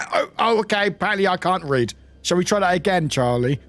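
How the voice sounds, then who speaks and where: A man from the UK commentates on his game in casual stream chat. His voice sits slightly high and moves around a lot in pitch. He laughs often and drops the odd swear word. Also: lively intonation, moderate pace, fairly bright tone, a little hiss or hum.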